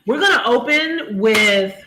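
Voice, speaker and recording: Woman live-stream host, high pitched, slow unhurried talk, chatty and laughing, greets viewers, echoey home room. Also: expressive, very noisy. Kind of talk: casual live-stream chat. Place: home room, lights turned down. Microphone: camera mic.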